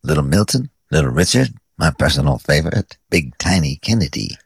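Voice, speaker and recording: A man's voice: rumbling low, lively intonation, fairly quick, creaky, slightly rough, no echo. A man hosting a radio music show, introducing records with dry, wry narration. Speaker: radio host.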